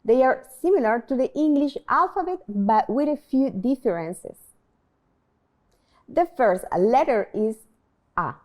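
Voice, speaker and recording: Woman language teacher, higher voice, slow, careful pronunciation, prompts repetition. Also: lively intonation, darkish tone. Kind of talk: scripted beginner lesson.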